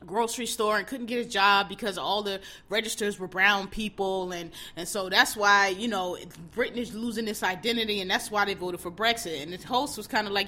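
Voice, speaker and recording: A woman's voice: medium pitch, a little fast, hardly any pauses, sharp tone. A woman hosting her podcast alone, talking bluntly and with animation straight to her listeners. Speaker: podcast host. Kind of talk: casual solo commentary.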